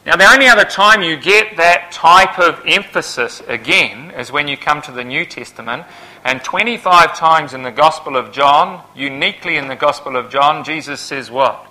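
A man preaching a Bible sermon who swells to loud, emphatic peaks and then drops back to a low, quiet delivery. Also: normal speed, low-quality recording.

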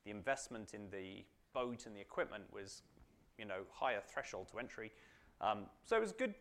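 Chatty man with a slightly low voice. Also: lively intonation, normal speed, a bit bright. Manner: chatty, frequent fillers and tag questions. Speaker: Bible study teacher. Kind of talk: informal teaching talk to a group.

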